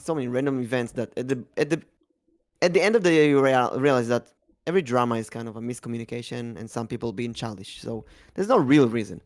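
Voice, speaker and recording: A young man with an Israeli accent hosting a casual podcast chat, talking thoughtfully with many hesitations. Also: medium pitch. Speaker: podcast host.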